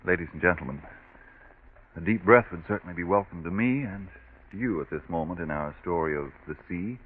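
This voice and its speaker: A male announcer delivering smooth, persuasive, scripted radio announcements and an ad. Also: sits low, a little fast. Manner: smooth, persuasive, formal address. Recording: tinny scratchy old radio broadcast.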